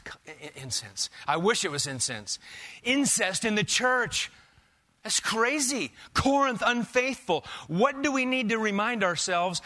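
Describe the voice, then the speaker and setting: A man preaching a sermon in a church, asking rhetorical questions and swinging between loud emphasis and quiet asides. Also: high voice. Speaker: pastor. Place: church sanctuary.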